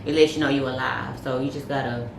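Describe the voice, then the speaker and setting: A woman with a notably low voice talks through dating advice in a loose, slangy way, leaning on street metaphors. She sounds like she's in a roomy space with a faint hiss under her voice. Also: fairly even intonation, fast, gravelly. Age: adult, past early heartbreaks. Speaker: podcast co-host. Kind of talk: casual chat. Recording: roomy room with faint noise.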